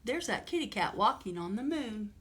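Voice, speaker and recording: A woman librarian leading a toddler storytime, reading books aloud and gently asking the children questions. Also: medium pitch, big pitch swings, normal speed, slight background noise.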